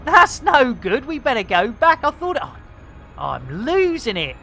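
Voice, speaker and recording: A woman streaming a space game, chatting excitedly to her guests, often laughing and exclaiming at her own mistakes. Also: high-pitched, unhurried. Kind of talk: live gameplay commentary.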